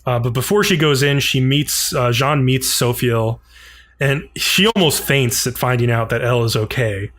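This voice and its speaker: A podcast co-host with a medium-pitched voice speaks at a moderate pace as he casually recaps an episode. His animated retelling is full of "like," and he briefly acts out the characters' lines.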